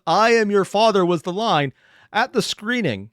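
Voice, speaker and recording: A man's voice: high-pitched, animated, moderate pace, a bit bright, dry recording, studio quality. A man giving casual reaction commentary, rambling and opinionated with self-deprecating asides. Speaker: reaction streamer.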